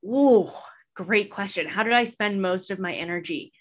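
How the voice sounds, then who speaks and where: A woman host talks through her year in a relaxed interview. She is candid and reflective, with easy laughter between thoughts. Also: mid-range voice, normal speed. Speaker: podcast host being interviewed. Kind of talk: casual conversational interview.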